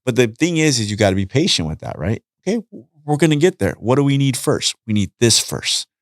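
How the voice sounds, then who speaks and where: Animated middle-aged man telling stories. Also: medium pitch, fairly quick, dry recording, clean studio sound. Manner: animated storytelling, acts out dialogue. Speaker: guest. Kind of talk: casual chat.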